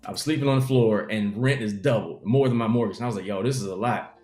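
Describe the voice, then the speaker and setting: A man's voice: lowish voice, quick pace, roomy sound, faint music behind. A young adult man, a comedian, telling his life story in an interview and acting out the people in it. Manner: animated storyteller acting out quotes.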